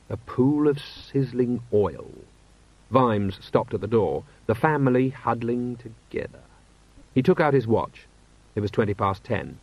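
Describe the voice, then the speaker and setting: A man reading a novel aloud in expressive, wry narration. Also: mid-range voice, unhurried, no room sound. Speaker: audiobook narrator. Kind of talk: scripted narration. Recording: dull, slightly lo-fi, dry.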